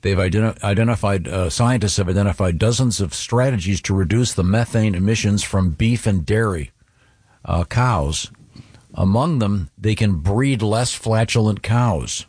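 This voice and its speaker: A man co-hosting a morning radio show, talking casually with many halting fillers. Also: lowish voice, darkish tone, slightly rough, no room sound.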